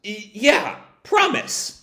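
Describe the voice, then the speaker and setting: A man's voice: high-pitched, huge pitch swings, drawn-out words, bright, forceful tone, echoey room, voice pushed up, exaggerated voice. Belle, a man doing a nervous young girl. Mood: anxious.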